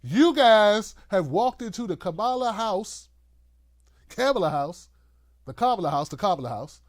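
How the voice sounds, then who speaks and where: A middle-aged man hosting a political commentary show, ranting loosely to camera in a mocking, animated way and often acting out the voices he quotes. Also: high-pitched, moderate pace, no echo, studio quality.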